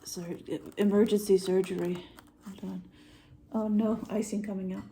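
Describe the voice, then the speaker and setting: A woman's voice: mid-range voice, fairly even intonation, normal speed, creaky, mellow, slight background noise. A young woman chatting casually and joking while crafting at home with a friend. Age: young adult. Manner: playful, jokey, laughs often. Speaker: vlogger. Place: home, indoors.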